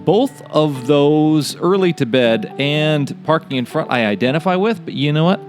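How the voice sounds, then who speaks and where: A man's voice: fairly high pitch, animated, moderate pace, faint music behind. A man hosting a podcast in an easygoing, chatty way, with upbeat talk and frequent fillers. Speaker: podcast host. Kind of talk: casual podcast chat.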